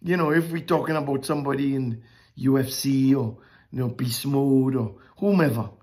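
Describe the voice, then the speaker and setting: A woman preaching a sermon, emphatic and drawn-out with dramatic pauses. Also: very deep voice, mellow, slightly rough.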